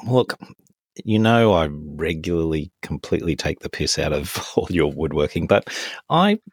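Male co-host, very deep voice, halting, teasing casual banter, dry close sound. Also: darkish tone, husky, no echo. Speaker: podcast co-host. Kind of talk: casual chat.

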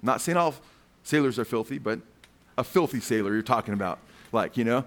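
A man's voice: medium pitch, animated, brisk. A male preacher giving a fervent sermon. He keeps calling his listeners "man" and puts questions to the crowd.

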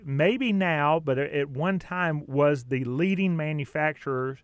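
A man hosts an outdoors radio talk show in a chatty, easygoing way, laughing often between points. His voice sits a little high. The studio sound is close and dry. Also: unhurried, no echo, dull audio. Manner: chatty, laughs easily, some fillers.

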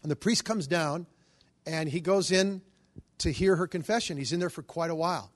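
Male preacher, middle-aged, fairly high voice, animated storyteller who acts out quoted voices. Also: moderate pace. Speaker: Catholic charismatic preacher. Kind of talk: storytelling sermon.

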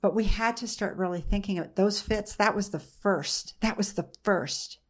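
A woman's voice: mid-range voice, normal speed. A woman in her forties, a mother being interviewed, telling her story in an earnest, conversational way, often restarting and repeating phrases.

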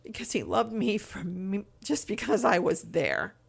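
Woman, interview guest, candid faith testimony, gravelly fry. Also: mid-range voice, very animated, unhurried. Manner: earnest, candid storytelling. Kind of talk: personal faith testimony in conversation.

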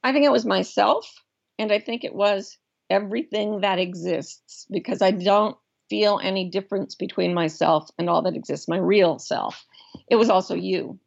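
Earnest middle-aged woman, gravelly voice. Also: medium pitch. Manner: earnest, thoughtful, with frequent restarts and slow emphasis. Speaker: guest, life coach. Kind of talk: reflective personal storytelling. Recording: dull lo-fi recording.

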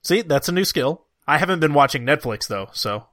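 A man's voice: a little high, lively intonation, a little fast, fairly bright tone, dry recording. A man hosting a podcast, chatting casually with dry, joking asides. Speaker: podcast host.

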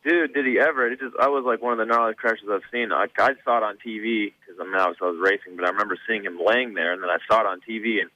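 A man's voice: fairly low pitch, steady tone, rapid-fire, few pauses, pushed and bright, dry recording. A man who used to race, calling in and chatting in a laid-back, rambling way. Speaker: phone guest, former racer. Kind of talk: casual phone chat. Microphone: phone. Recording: dull phone-in line.

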